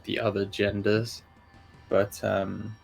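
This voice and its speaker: A man's voice: fairly low pitch, monotone, slow pace, creaky, soft background music. A man playing a tabletop game, chatting casually and joking with the group. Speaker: player. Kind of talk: casual chat between players.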